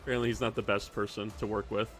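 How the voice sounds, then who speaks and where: Low-voiced man chatting on a livestream. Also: level tone, very fast, a bit bright, faint music behind. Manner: rambling, swears casually, reads chat aloud. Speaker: streamer. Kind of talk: casual livestream chat. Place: home hobby room.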